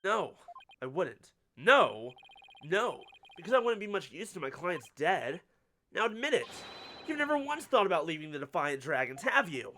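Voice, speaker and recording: A man's voice: a little high, very animated, normal speed, sharp tone, a little hiss or hum. A man reading the lines of an earnest young male defense lawyer in a video game, pressing with questions.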